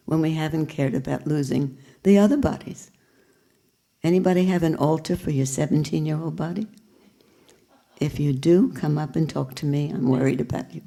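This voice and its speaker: Older female spiritual teacher, low warm voice, reflective, questioning, lightly humorous. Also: creaky. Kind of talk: spiritual talk to a group.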